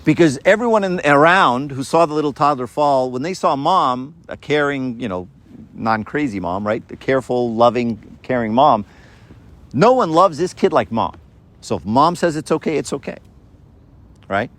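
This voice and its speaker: A man's voice: mid-range voice, lively intonation, normal speed, a bit bright. A man giving an informal sermon to a group, talking in a conversational way, often checking in with "right?" and acting out the voices in his stories. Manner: conversational, keeps asking "right?"; acts out quoted voices in a story.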